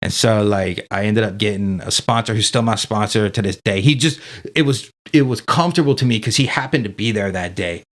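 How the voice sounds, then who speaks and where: A man speaks as a podcast guest in a somewhat low voice. His storytelling is loose and candid, full of swearing and fillers like "dude" and "you know". He sounds like an everyday guy talking straight. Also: fairly quick, fairly bright tone. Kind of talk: casual storytelling.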